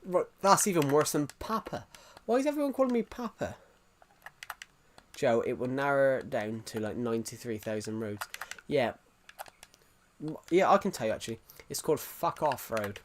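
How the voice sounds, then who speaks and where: A man's voice: medium pitch, lively intonation, normal speed, slight background noise. A young English man chatting loosely on a live stream. He reads chat messages aloud and answers them in a rambling, casual way with offhand swearing. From England. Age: young adult.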